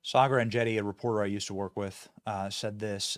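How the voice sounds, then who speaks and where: A man hosting a political commentary show, talking in an animated, sarcastic, chatty way. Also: fairly low pitch, a little fast, hardly any pauses, no echo, clean studio sound. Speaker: host.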